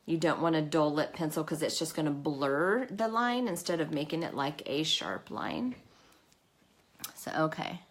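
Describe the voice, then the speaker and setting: Speaking a little slowly in a low-pitched voice, a woman runs a relaxed makeup livestream. Chatty and anxious, she laughs at her own expense as she goes and coughs nervously.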